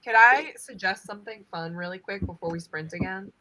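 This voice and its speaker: A woman's voice: mid-range voice, brisk, bright, forceful tone. A young woman chatting playfully with friends on a book club video call. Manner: playful, teasing. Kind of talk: casual group video chat.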